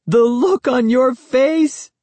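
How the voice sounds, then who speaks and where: A man's voice: extremely high pitch, slow, a little mellow, no room sound, voice pushed up, exaggerated voice. A man voicing a teasing, bratty young girl who gloats over a prank. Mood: mocking. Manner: mocking, gloating.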